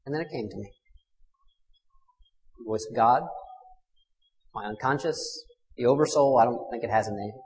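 A man in his thirties, a minister, telling a personal story in a sermon, swinging from fierce loud passages to hushed ones. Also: medium pitch, normal speed, pauses often. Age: 30s. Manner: intimate confessional storytelling with dramatic swells and hushed drops. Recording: long hall reverb.

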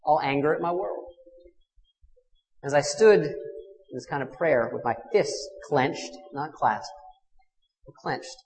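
A man in his thirties, a minister, telling a personal story in a sermon, swinging from fierce loud passages to hushed ones. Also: a little high, expressive, takes it slowly, pauses often. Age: 30s. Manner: intimate confessional storytelling with dramatic swells and hushed drops. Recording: long hall reverb.

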